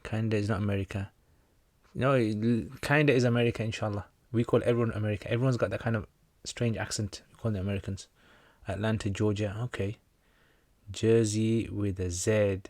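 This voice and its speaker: This relaxed man talks fast in a fairly low voice while hosting a casual livestream question-and-answer session. He jokes easily as he reads viewer comments and responds to religious questions, and the audio is dry and close with no room echo.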